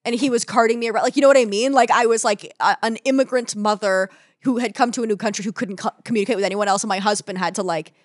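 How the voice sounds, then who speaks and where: An animated young woman co-hosts a comedy podcast, telling stories with plenty of swearing and acted-out quotes. Her voice sits mid-range and sounds dry and close. No room sound is heard. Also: medium pitch, fast, no room sound. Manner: animated storyteller who swears freely and acts out quoted voices. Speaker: podcast co-host. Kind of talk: casual comedic chat.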